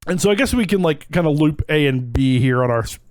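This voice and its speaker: A man co-hosting a casual podcast, telling stories in a rambling, animated way with lots of fillers. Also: on the high side, quick pace, no room sound. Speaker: podcast co-host. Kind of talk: casual chat.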